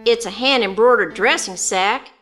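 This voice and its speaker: A woman's voice: on the high side, normal speed, a bit bright, faint music behind, natural voice. A woman narrator voicing a fussy older small-town woman who runs an auction with eager, rising calls. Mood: melancholy.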